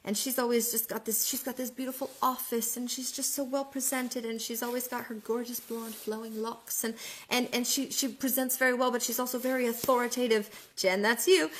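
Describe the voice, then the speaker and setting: A woman giving a motivational live video talk as an online business mentor, excitable and often fumbling and restarting her words. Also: on the high side. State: out in the freezing cold.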